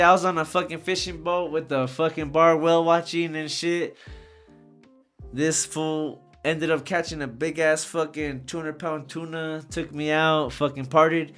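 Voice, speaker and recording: A man with a somewhat high voice tells loose, animated anecdotes in casual conversation. His talk is heavy with slang and swearing. Soft guitar music plays quietly behind him. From Socorro area. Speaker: podcast guest, rapper. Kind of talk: casual storytelling.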